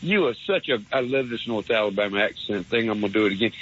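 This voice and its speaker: A man's voice: lively intonation, fast, few pauses, fairly bright tone, slightly rough. A man calling in to a radio show, ranting sarcastically with lots of stammered repeats. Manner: sarcastic, repetitive stammering, pitch swings. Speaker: radio caller. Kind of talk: rambling call-in rant. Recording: muffled phone-line call.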